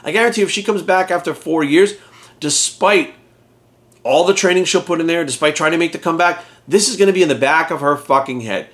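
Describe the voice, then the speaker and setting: A man's voice: fairly high pitch, fairly quick, a bit bright. A middle-aged man and fitness coach ranting to his viewers in blunt, profane, exasperated commentary.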